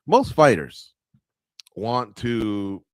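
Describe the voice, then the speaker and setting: A low-ish male voice with lively intonation talks extremely slowly while hosting a live watch-along of fight night. The radio-host-style breakdown is conversational, addressed to viewers and packed with filler words. The recording is dry and clean, studio-grade.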